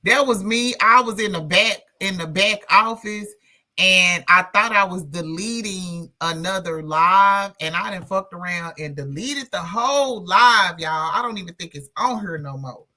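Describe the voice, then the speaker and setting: A woman's voice: on the low side, measured pace, bright, forceful tone. A woman hosting a livestream, chatting casually and bluntly with viewers and swearing freely. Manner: blunt and profane, talks straight to chat. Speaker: livestream host.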